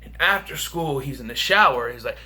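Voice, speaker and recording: A man's voice: medium pitch, expressive, fairly quick, pushed and bright. A man casually reviewing a film for a vlog, rambling and chatty with lots of fillers and restarts. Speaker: movie reviewer.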